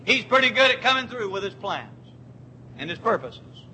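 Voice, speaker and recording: Emphatic high-voiced preacher man. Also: big pitch swings, bright, forceful tone, slight background noise, poor audio. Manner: emphatic preaching, repeats key words, slows on scripture. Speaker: pastor. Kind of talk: sermon.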